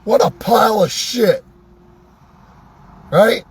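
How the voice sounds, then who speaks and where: A worked-up man ranting sarcastically in a vlog from inside a vehicle, his voice going hoarse. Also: high voice, slow. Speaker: vlogger. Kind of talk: angry ranting monologue.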